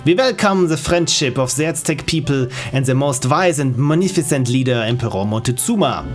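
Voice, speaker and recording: A man's voice: medium pitch, animated, brisk, faint music behind, lightly acted. A man voicing a boastful German emperor in an exaggerated German accent, pronouncing every word hard and over-precise. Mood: solemn. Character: boastful male German emperor, grand and commanding. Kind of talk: reading game dialogue aloud.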